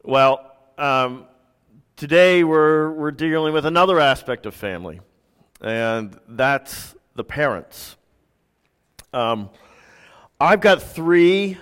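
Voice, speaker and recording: A man in his thirties, a pastor preaching a sermon with relaxed, self-deprecating stories. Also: mid-range voice, clear, resonant tone. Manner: conversational, self-deprecating storytelling. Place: church sanctuary. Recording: reverberant church hall.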